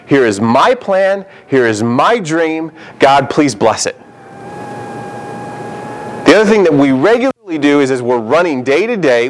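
A man's voice: mid-range voice, a little hiss or hum, rough recording. A man, a pastor, preaching a sermon in an emphatic way and acting out quotes.

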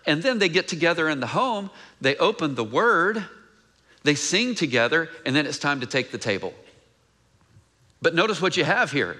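A male pastor preaching a sermon in a conversational way, asking the congregation questions and reading scripture aloud in a quieter, lower voice.

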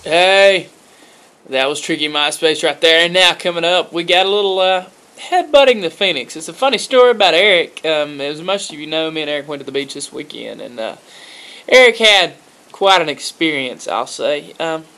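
A man's voice: a little high, normal speed, sharp tone. A man co-hosting a comedic radio show, teasing his partner and introducing segments. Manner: laughing, teasing sidekick. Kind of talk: casual comedic radio banter.

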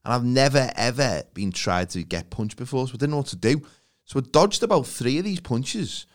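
A man chats casually and tells a story from his childhood at an easy pace. His voice sits at an everyday medium pitch, and his delivery stays relaxed. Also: fairly quick. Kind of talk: casual chat.

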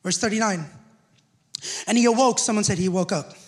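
A man preaching a sermon as pastor, animated and rising to shouts, often asking the congregation questions. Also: sits high, brisk.

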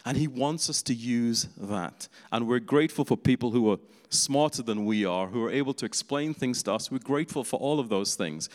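Guy preaching, relaxed and chatty, laughs at his own asides, sounds echoey like a big hall. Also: lowish voice. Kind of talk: sermon. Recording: long hall reverb.

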